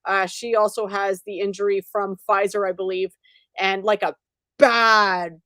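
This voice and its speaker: A woman's voice: mid-range voice, fairly even intonation, a little slow, bright, forceful tone, dry recording. A woman hosting a talk show who gives her opinions in a loose, conversational way. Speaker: host.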